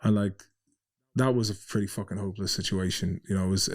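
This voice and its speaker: A man's voice: low-pitched, brisk. Irish man, swearing, casual storytelling, podcast guest. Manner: swearing, animated anecdotes.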